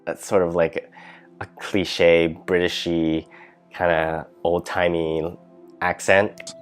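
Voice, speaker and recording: A man's voice: low voice, level tone, slow pace, clear, resonant tone, soft background music. A man hosting a casual writing vlog, chatty and thinking aloud, his voice dipping at the ends of phrases. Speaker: vlog host, writer.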